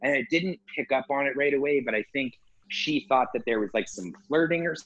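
A man telling a story in casual chat with friends, animated, laughing and swearing often. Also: medium pitch, a little fast, lo-fi sound.

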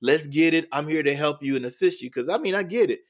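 A man's voice: on the high side, animated, fast. A man, an educator and interview guest, telling a story in a podcast interview with earnest, repeated phrasing. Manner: earnest, repeats words while building a story.

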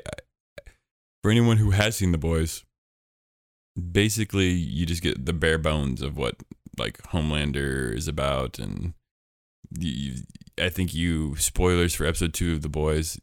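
Deep gravelly podcast host. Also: male voice, no room sound, studio quality. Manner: rambling, jokey, lots of fillers. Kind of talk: casual podcast chat.

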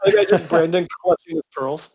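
A man's voice: a little high, fast, darkish tone, slightly rough. A man on a comedy podcast, teasing his co-hosts and questioning the story, laughing easily. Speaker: podcast co-host. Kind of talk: casual comedic banter.

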